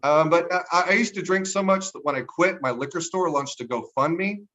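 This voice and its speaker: Man, young adult, from Texas, stand-up set, deadpan one-liners, fairly high voice. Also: normal speed, lo-fi sound. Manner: deadpan one-liners, chuckles at own jokes. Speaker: stand-up comedian. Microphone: livestream mic.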